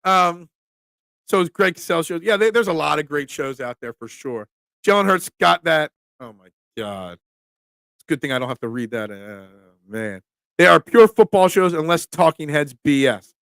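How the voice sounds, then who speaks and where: A man with a high, bright voice talks football on a live stream, answering viewer comments in an animated, emphatic way. The sound is close and dry, with no room echo. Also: normal speed. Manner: animated, emphatic, reads chat aloud. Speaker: sports talk host reading viewer comments. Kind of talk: casual live-stream chat.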